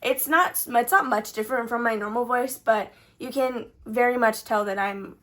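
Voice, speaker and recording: High-voiced chatty woman vlogger. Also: moderate pace, fairly bright tone. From Texas. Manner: chatty, filler-heavy, upward-trailing sentence endings. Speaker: budgeting vlogger. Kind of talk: casual savings challenge vlog.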